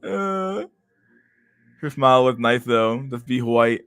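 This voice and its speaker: A man's voice: medium pitch, little pitch movement, normal speed, fairly bright tone, clear, resonant tone, dry recording. A man streaming casual commentary, reading comments aloud in a rambling, stammering way with frequent laughter.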